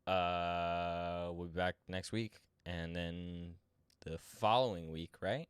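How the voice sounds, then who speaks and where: A man's voice: low-pitched, fairly even intonation, slow, clean tone, no room sound. A young man co-hosting a podcast in laid-back, joking casual chat. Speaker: podcast co-host.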